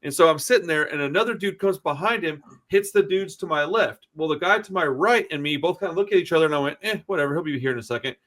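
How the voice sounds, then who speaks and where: A man with a slightly higher voice than most men, swearing freely as he tells long stories in casual podcast chat. His talk is blunt and rambling. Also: fast, hardly any pauses, fairly bright tone. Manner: blunt, profane, rambling anecdotes. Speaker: podcast host.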